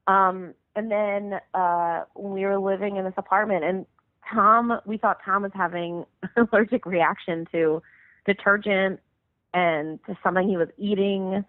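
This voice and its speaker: A woman's voice: medium pitch, dry recording. Musician guest, woman, 30s, chatty and filler-heavy, heard over a thin, dry phone line. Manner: rambling, filler-heavy, lots of "like". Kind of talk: casual storytelling over the phone. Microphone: phone call.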